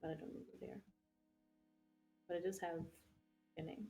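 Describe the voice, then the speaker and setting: Young woman streamer rambling on, swears a lot, kinda low voice, faint music behind. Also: level tone, moderate pace, dark tone. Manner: rambling, heavy swearing, lots of fillers. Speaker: livestream host. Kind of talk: casual chat while crafting.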